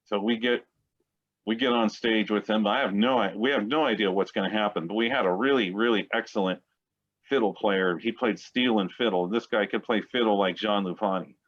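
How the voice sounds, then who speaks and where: A man's voice: fairly low pitch, fairly quick. A man around sixty, a guest musician, telling long rambling anecdotes in a casual interview. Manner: rambling, chatty anecdote-teller. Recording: dull lo-fi sound.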